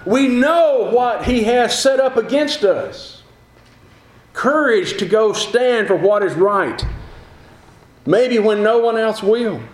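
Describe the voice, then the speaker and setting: A man's voice: high-pitched, expressive, takes it slowly, reverberant. A man preaching a sermon, building earnest, repetitive lines to his congregation.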